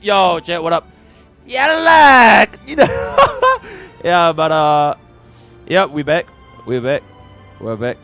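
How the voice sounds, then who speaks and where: Brief: Singaporean male streamer, profane and excitable, very lively pitch, faint music underneath. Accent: Singaporean English. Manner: profane, excitable, swings loud and quiet. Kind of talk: livestream game account review.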